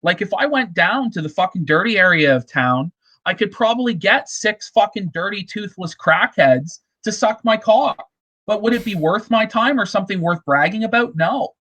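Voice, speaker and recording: A man's voice: high voice, expressive, moderate pace, fairly bright tone, lo-fi sound. A man on a podcast, ranting crudely with heavy swearing in casual chat. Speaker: podcast co-host.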